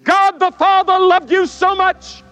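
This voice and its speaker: An older man preaching a sermon dramatically, with swelling repetitions and long pauses. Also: very high voice, fairly even intonation, a bit bright, no room sound, dull audio, soft background music. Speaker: evangelist preacher.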